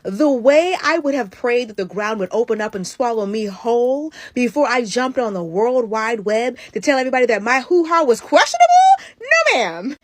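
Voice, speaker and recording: Woman, high voice, dry close recording, scolding commentary. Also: no echo. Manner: scolding, emphatic lecturing. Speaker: social media commentator. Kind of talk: casual reaction video rant.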